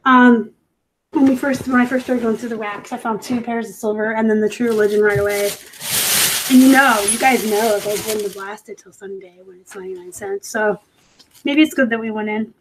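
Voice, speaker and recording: A woman's voice: on the high side, fairly even intonation, fairly quick, slight background noise, rough recording. A woman hosting a casual live stream from a room at home, chatty and rambling, with frequent fillers and self-corrections. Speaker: host of a live reselling show. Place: home room set up for work.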